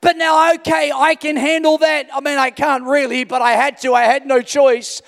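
A pastor from Australia with a very high, gravelly voice tells an animated story from the pulpit. He often shouts to drive his point home. His voice rings out with a long reverb in a large church hall. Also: moderate pace. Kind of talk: storytelling sermon.

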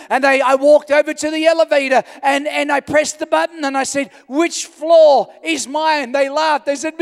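A man from Australia, a pastor telling an animated story in a sermon and often shouting for emphasis. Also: very high voice, normal speed, hardly any pauses. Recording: long hall reverb.

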